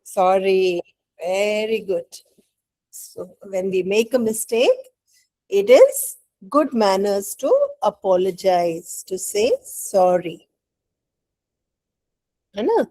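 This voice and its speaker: Slow, mellow Indian-accented woman teacher. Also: medium pitch, lively intonation, poor audio. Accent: Indian English. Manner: patient, coaxing, often checks with "right?". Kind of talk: online English lesson.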